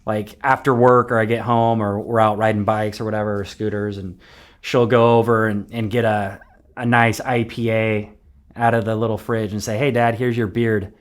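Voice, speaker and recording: A man in his thirties, a podcast guest, chatting casually in a soft-spoken, reflective way that often trails off quietly. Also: fairly low pitch, level tone, moderate pace. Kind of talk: casual interview chat.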